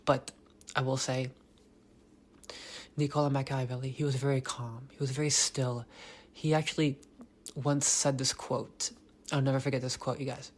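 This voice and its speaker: A man's voice: medium pitch, level tone, moderate pace, pauses often. A man hosting a motivational podcast alone, talking intensely, repeating key lines, swearing and sometimes dropping almost to a whisper. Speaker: podcast host.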